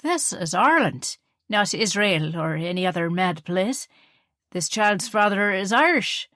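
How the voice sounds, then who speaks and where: A woman's voice: medium pitch, lively intonation, unhurried, a bit bright, dry recording, studio quality. Woman doing a tipsy, bossy Irish mother. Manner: slurring slightly, bossy. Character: tipsy outspoken Irish mother from Kerry, stout, pushy.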